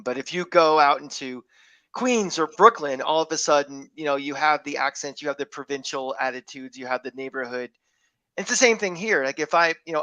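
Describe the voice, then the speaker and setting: A man with a bright, forceful voice talks from a hotel room as a podcast guest. He rants in an opinionated, sarcastic way. The recording is dry, with no room echo. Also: a little high, clear, resonant tone. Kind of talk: casual sports podcast chat.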